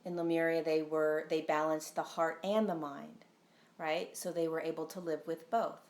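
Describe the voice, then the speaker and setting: A woman's voice: deep voice, steady tone, moderate pace, a little mellow, echoey room. A woman talking casually on a live stream as a spiritual teacher, earnest and rambling, with frequent ums and tag questions. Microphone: phone.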